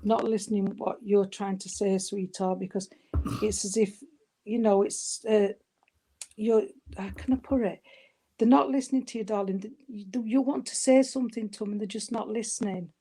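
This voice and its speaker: A woman, working as a spiritualist medium and giving a spirit reading at a service. She talks gently and soothingly, calling the listener sweetheart and darling, and often stops and restarts her sentences. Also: medium pitch, fairly even intonation, moderate pace, husky. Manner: hesitant, with frequent restarts.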